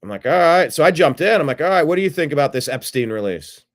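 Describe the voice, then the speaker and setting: A man's voice: fairly high pitch, animated, quick pace. Rambling male livestream host. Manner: rambling, retelling a phone call with quoted dialogue. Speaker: show host. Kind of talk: casual livestream monologue.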